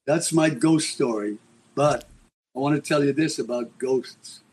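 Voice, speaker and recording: A man's voice: medium pitch, unhurried, a little mellow, breathy edge. A man being interviewed as a guest, telling a dramatic, rambling story.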